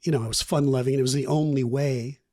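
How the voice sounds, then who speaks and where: A podcast guest in his fifties talks fast in a mid-range voice. In this candid storytelling interview he rambles animatedly about his past, acting out quotes from the people involved.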